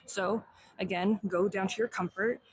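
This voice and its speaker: Woman leading a stretching warm-up. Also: medium pitch, fairly even intonation, normal speed, breathy edge, no echo, low-quality recording. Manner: encouraging, instructive, counts aloud in Japanese. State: slightly out of breath. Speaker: fitness instructor. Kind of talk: instructional demo while exercising.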